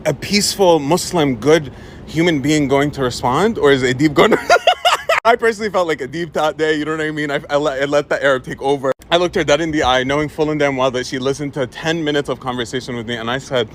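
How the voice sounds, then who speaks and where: A young man telling a funny story-time tale, animated, laughing often and swearing casually. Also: a little high, quick pace, slight background noise. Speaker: TikTok storyteller.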